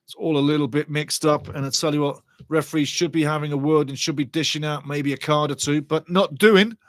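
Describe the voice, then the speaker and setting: Excitable man commentating a live match. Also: on the high side, brisk, no echo. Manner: excitable, partisan, reads chat comments aloud. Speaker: fan watch-along commentator.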